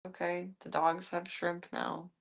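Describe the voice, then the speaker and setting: A woman's voice: fairly low pitch, little pitch movement, unhurried, vocal fry. A woman live streamer at home, chatting casually and talking to her pets in an amused, baffled way. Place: at home with her cats and dogs.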